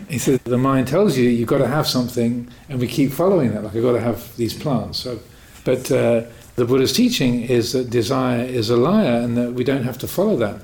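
A man telling a personal story in a Dhamma talk as a Buddhist teacher, relaxed and self-deprecating, chuckling now and then. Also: mid-range voice.

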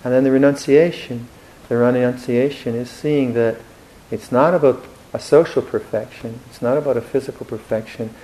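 A man giving a Buddhist dharma talk in a reflective, gently humorous way, with hesitant restarts. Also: mid-range voice, steady tone, normal speed, few pauses, low-quality recording. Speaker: Buddhist monk teacher.

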